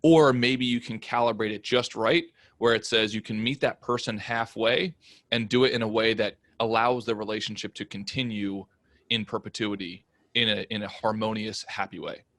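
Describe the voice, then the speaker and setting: A man hosting a podcast in casual chat, asking thoughtful, measured questions. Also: fairly low pitch, fairly even intonation, fairly bright tone, no echo. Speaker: podcast host.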